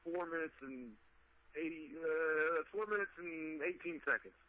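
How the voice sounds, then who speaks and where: A man's voice: on the high side, measured pace, no room sound. A man co-hosting an internet radio show, firing back profane comebacks in casual banter. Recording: dull lo-fi audio with faint hiss.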